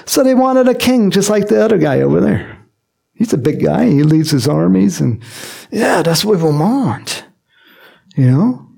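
A man preaching a sermon in a lively, joking manner, acting out quotes and adding chuckling asides as he explains a Bible passage. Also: high voice, moderate pace, creaky. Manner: animated and jokey, acts out quotes, frequent chuckles and asides.

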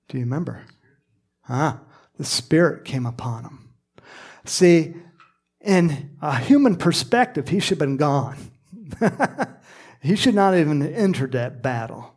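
A man's voice: fairly high pitch, darkish tone. A man preaching a conversational sermon, acting out quoted lines and dropping at times to a whisper. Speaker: pastor.

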